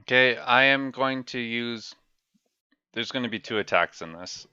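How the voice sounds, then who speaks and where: A man's voice: medium pitch, a little slow, sharp tone, smooth, no room sound. A man playing in a casual tabletop game, methodically working through his attack rolls aloud. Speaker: player. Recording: dull dry lo-fi mic.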